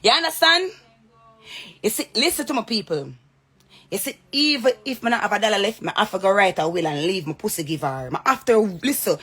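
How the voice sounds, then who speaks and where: A woman's voice: mid-range voice, a bit bright, breathy edge. A woman with a Jamaican accent in a direct-to-camera rant, heated, confrontational and repeating herself. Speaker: social media personality.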